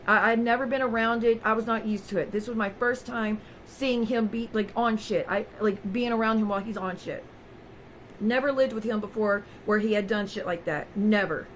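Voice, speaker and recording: A woman's voice: medium pitch, a little hiss or hum, low-quality recording. A woman vlogger telling a personal story straight to her viewers in a raw, candid way.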